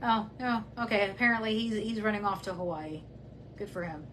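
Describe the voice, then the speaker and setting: A medium-pitched woman hosting a true crime channel speaks a little fast over background noise. She gives casual commentary while reading messages aloud, turning blunt and heated as she talks back to the person she's discussing.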